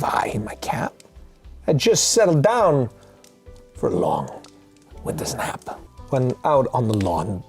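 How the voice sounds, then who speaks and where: Brief: man putting on a slow, halting celebrity impression reading a holiday poem, lively pitch swings. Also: heavily acted. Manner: odd pauses, broken phrasing. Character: impression of a famous actor's halting, oddly stressed delivery.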